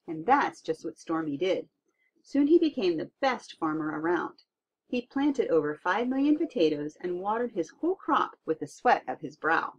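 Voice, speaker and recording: A woman reading a tall tale aloud in an expressive storytelling manner. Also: on the low side, normal speed, a little hiss or hum. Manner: lively expressive read-aloud. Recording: dull lo-fi recording.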